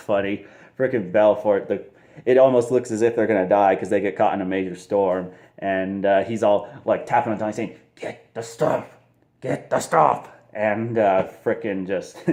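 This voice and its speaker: A man's voice: on the low side, a little mellow. A man casually reviewing a movie, rambling with lots of fillers and frequent laughs.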